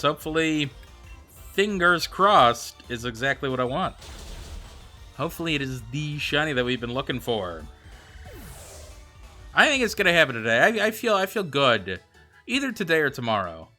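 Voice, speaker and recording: A young man streaming a game, reading out viewer comments and answering them in a chatty, animated way. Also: on the high side. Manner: chatty, animated, answers chat with quick excited reactions. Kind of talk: casual livestream chat reading viewer comments. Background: faint background music.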